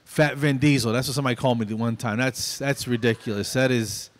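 A man's voice: mid-range voice, fairly even intonation, moderate pace. A middle-aged man performing a stand-up comedy set on stage in a conversational, self-deprecating way. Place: stage at a small venue.

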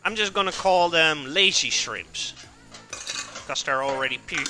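A man's voice: on the high side, unhurried, pushed and bright, soft background music. A man hosting a live cooking stream, chatting casually with viewers and answering chat while he cooks in a home kitchen.

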